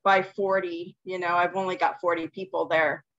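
A woman's voice: lowish voice, level tone, normal speed, a bit bright, muffled recording. A woman being coached on a video call, who answers hesitantly and fills her speech with "um" and "okay". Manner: hesitant, with many fillers and agreeing words. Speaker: coaching client. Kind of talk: casual chat.

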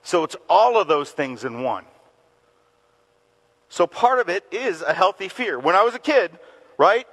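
A middle-aged male pastor preaching a sermon, telling a story with lively laughter and acted-out quotes. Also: sits high, a little slow, pauses often, rough recording. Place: church gathering in a community center.

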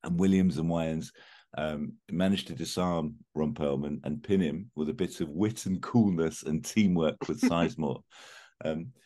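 A man hosting a podcast, telling a film pitch in a chatty, casual storytelling way with frequent fillers. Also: normal speed, mellow. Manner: chatty, laughs while telling.

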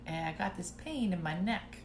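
A woman's voice: fairly low pitch, lively intonation, normal speed, echoey room, slight background noise. A woman quoting her stubborn, hard-of-hearing old grandmother, who insists and repeats herself. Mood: insistent.

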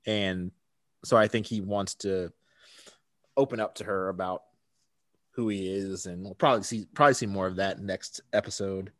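A man in a relaxed podcast chat, walking through an episode's plot with easy laughs. His voice sits at an ordinary pitch and sounds close and dry, with no room echo. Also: moderate pace, long pauses. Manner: laughs often, relaxed storytelling. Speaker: podcast co-host. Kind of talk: casual chat recapping a TV episode.

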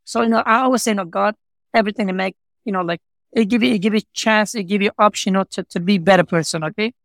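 This pizza shop owner, a male interview guest, talks fast in a high-pitched, creaky, slightly bright voice, recorded without room sound. He earnestly recounts his own story in broken, non-native English, looping back over points and dropping "you know, like" throughout. The tone is sincere and heartfelt.

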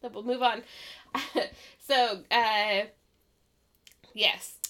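A woman with a higher voice speaks extremely slowly as a podcast co-host, recapping an episode in casual chat. She laughs a lot and retells it animatedly, putting on voices for quotes.

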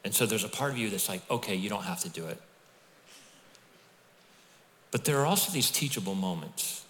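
Speaking quickly in a fairly low voice, a middle-aged man delivers a sermon as pastor. He tells lively, conversational stories and turns aside to address the congregation, while long reverb fills the hall.

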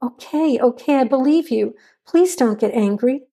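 A woman's voice: high-pitched, lively intonation, moderate pace, vocal fry, warm tone, breathy edge, voice pushed up, heavily acted. A woman voicing an anxious young woman who pleads and gets defensive.

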